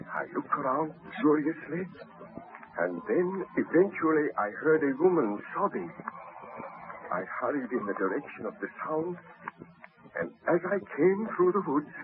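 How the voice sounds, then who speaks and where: An actor playing Baron Frankenstein, a remorseful young nobleman who speaks earnestly and formally, in 1930s radio acting. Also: a little high. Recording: tinny, hissy old radio recording.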